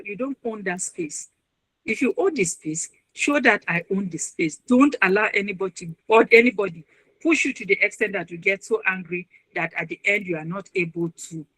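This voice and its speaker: Bright-voiced woman giving earnest advice. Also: medium pitch, no echo, poor audio. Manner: earnest, advising, acts out quoted voices. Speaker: webinar speaker, university registrar and counselor. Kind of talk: motivational webinar talk.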